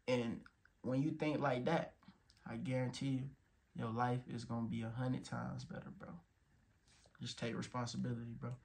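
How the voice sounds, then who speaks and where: A man's voice: mid-range voice, level tone, normal speed, vocal fry, a little mellow. A young man in his twenties giving a blunt, profane motivational talk, stressing words and checking in with "you feel me". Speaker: motivational vlogger. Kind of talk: casual motivational monologue.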